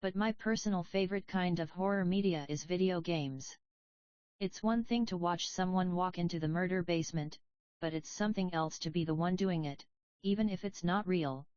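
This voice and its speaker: A woman's voice: fairly low pitch, moderate pace, darkish tone, dry recording, lightly acted. A woman voicing an earnest, thoughtful cubehead heroine in a storybook reading, on a dull, dry lo-fi recording. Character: soft-spoken blue cubehead heroine, young woman, earnest.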